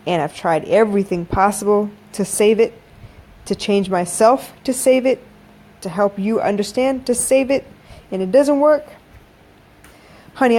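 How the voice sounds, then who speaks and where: A woman's voice: medium pitch, mellow. A woman in her thirties hosting a late-night podcast, chatting frankly with listeners and calling them y'all. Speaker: podcast host. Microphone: phone-recorded live audio.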